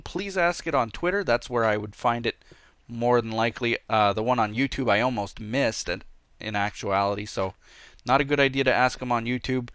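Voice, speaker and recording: A man's voice: medium pitch, a bit bright, smooth, no room sound. A man hosting a let's play, chatting casually and rambling through viewer questions while he plays. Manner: rambling, easygoing, with many fillers. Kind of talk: casual gameplay commentary with viewer Q&A.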